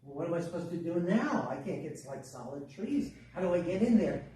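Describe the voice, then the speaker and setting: A man's voice: sits high, very animated, a little fast, dark tone, distant mic, slight background noise. A man voicing a curious, restless little girl in a told story, pleading and questioning. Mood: grumbling. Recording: echoey room from afar.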